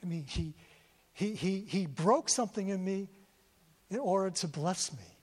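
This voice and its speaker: Husky and a little mellow, the man's high-pitched, expressive voice moves a little slowly through his sermon. He tells the congregation his testimony with emotion, often repeating words, while long hall reverb lingers behind him.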